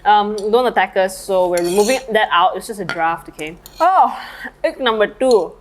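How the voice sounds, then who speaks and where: Her voice is mid-range with lively intonation and a moderate pace, captured on a rough recording. As a podcast co-host she rambles casually with plenty of fillers, eating lunch and a bit tipsy.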